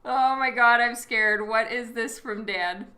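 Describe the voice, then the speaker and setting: A woman's voice: a little high, steady tone, unhurried, pushed and bright, reverberant. A woman chatting casually with her live-stream audience while she works, laughing often and reacting to messages. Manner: giggly, reacts to chat with frequent laughter. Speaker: livestreaming artist.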